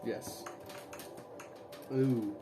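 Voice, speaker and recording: A man playing a tabletop game, joking and animated. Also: mid-range voice, very slow, echoey room, recorded from a distance, over music. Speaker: player. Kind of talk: casual tabletop play.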